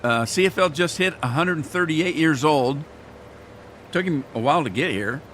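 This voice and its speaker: Chatty gamer man clearing his throat. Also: fairly high pitch, animated, moderate pace, a bit bright, slight background noise. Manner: rambling, chatty, folksy. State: throat irritated, clearing throat often. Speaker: gaming streamer. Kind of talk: casual chat to live viewers while playing.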